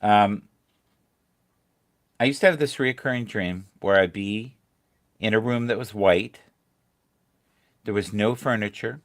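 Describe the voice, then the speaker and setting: Man, host, casual chat, fairly low voice, brisk prompting.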